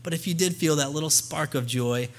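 A man's voice: a little high, fairly quick. A young man speaking as a missionary guest to a church congregation, earnest and conversational, into a microphone. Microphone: handheld or stand mic.

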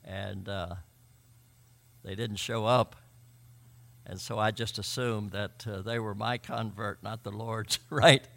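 A man preaching a sermon, emphatic, swinging between loud and quiet and often repeating words. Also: fairly low pitch, steady tone, slow, vocal fry, pauses often. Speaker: pastor.

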